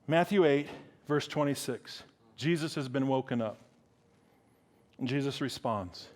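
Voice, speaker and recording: A middle-aged man preaching a sermon, animated and acting out dialogue in different voices. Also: a little slow, long pauses. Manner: animated, acts out dialogue with big pitch swings.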